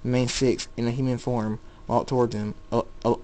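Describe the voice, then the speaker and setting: A man reading a fan story out loud, one part after another. His voice is plain and average in pitch, and he stumbles and restarts now and then as he goes. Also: little pitch movement, rough recording. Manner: plain, halting narration with restarts.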